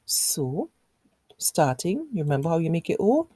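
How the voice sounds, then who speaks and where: A woman's voice: low-pitched, very animated, a little slow, warm tone, slightly rough, no echo. A woman in her thirties teaching a phonics lesson to young children in a patient, encouraging way.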